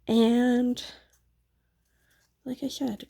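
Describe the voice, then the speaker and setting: A woman's voice: medium pitch, expressive, slow, gravelly, long pauses, dark tone, husky. A woman crafting on her own channel, chatting casually in a rambling, candid and self-deprecating way. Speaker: craft vlogger and mother. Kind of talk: casual chat while crafting.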